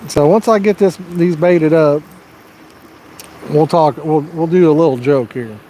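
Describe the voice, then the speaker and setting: Hosting a live fishing stream outdoors through a personal mic, this man has a voice slightly higher than most men's, unhurried and mellow. He rambles in a folksy way, saying "you know" a lot as he tells a long joke while baiting his hooks, with faint outdoor noise behind him.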